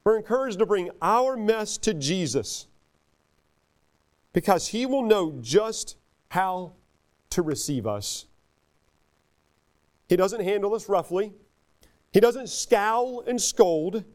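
A middle-aged man preaching a sermon as a pastor, earnest, moving between soft, slow passages and loud, emphatic ones. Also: high voice, lively intonation.

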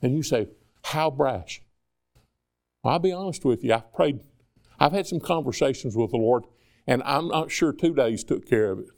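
A man's voice: medium pitch, lively intonation, fairly quick, a little mellow. A man preaching a sermon in a conversational way, acting out dialogue between people and God. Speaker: pastor.

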